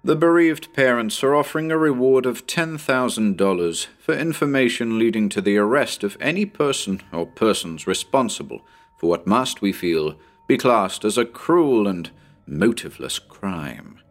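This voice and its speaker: A man reading a short story aloud in an expressive, measured narration. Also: medium pitch. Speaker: audiobook narrator.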